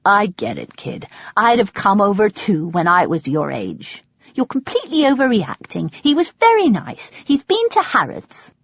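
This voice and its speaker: A woman voicing a gruff, secretive older American father who speaks tersely and firmly, in a storybook reading. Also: medium pitch, big pitch swings, moderate pace, dry recording. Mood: amused. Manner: terse and firm. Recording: dull lo-fi audio.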